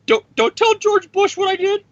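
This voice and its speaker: A high, squeaky, whining rich conservative politician, as a podcast host puts him on, pleading over and over in a comic-bit impression. The voice jumps far above the man's usual register. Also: moderate pace, no echo, muffled recording. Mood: whiny pleading. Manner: pleading, whiny falsetto.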